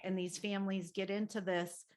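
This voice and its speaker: A woman's voice: mid-range voice, little pitch movement, moderate pace, darkish tone. A middle-aged woman counselor telling a personal story in a candid, rambling way, with many fillers and laughs. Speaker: guest family counselor. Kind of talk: casual podcast conversation.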